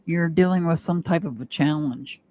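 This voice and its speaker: A woman's voice: low-pitched, moderate pace, darkish tone. A woman doing a live-stream tarot reading, chatting and rambling with her viewers and laughing often. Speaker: tarot reader.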